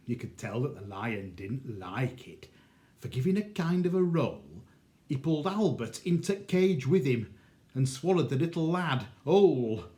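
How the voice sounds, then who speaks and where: A man, a librarian, reciting a comic rhymed monologue in a measured, theatrical storytelling manner. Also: mid-range voice, expressive, warm tone.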